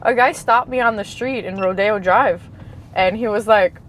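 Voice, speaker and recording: A young New woman with a fairly high voice tells her story with quick laughs and animated retellings. She chats casually as an interview guest. Faint noise sits under the recording. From Queens, New York.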